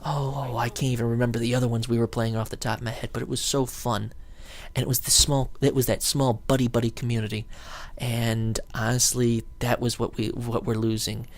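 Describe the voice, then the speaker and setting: A man talking casually to his camera, rambling and excited as he acts out what his friends said. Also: medium pitch, a little fast. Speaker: video blogger.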